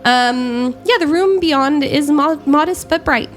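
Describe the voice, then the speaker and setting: A woman narrating as game master of a tabletop game, describing scenes with frequent pauses and self-corrections. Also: high voice, soft background music.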